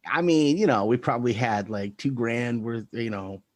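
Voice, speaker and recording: A man's voice: mid-range voice, normal speed, dry recording. A man telling wild stories as a podcast guest, casual and profane, laughing often. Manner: profane, laughing, animated anecdotes. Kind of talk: casual storytelling.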